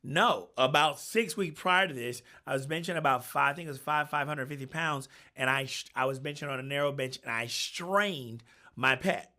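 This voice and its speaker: A man's voice: medium pitch, normal speed, sharp tone. A man in his forties, a coach and personal trainer, giving an emphatic motivational talk with punchy repeated phrases.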